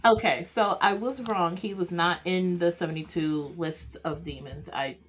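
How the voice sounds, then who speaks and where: A woman's voice: lowish voice, moderate pace, slight background noise. A woman co-hosting a podcast in casual chat, hesitant and self-deprecating as she searches for words. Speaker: podcast co-host.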